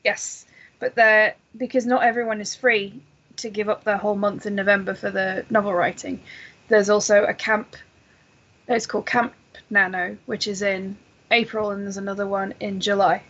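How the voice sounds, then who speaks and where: Female guest, mid pitch, giggly and rambling, muffled lo-fi line. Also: little pitch movement, normal speed, fairly bright tone. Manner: chatty, giggly, self-deprecating. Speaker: guest co-host. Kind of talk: casual live-stream chat.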